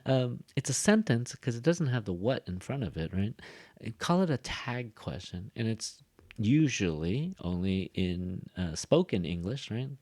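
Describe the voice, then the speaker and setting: A man teaching English pronunciation in a relaxed lecture, peppering his talk with fillers and "right?" and exaggerating his intonation to demonstrate. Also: fairly low pitch, a little slow, no room sound. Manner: frequent fillers and tag "right?". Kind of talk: recorded classroom lecture.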